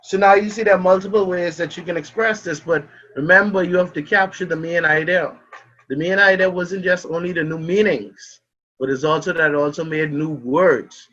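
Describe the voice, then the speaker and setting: A man's voice: high-pitched, fairly even intonation, normal speed, a bit bright. A man with a Bahamian accent teaching an online class over a video call, calling on students by name and asking and answering questions. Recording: dull muffled online class audio.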